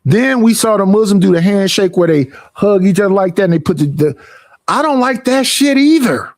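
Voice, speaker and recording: Cursing as he complains animatedly, this young streamer rants casually at a fairly quick clip. His pitch is strikingly high for a man, and the recording is dry and close-up with no room around it.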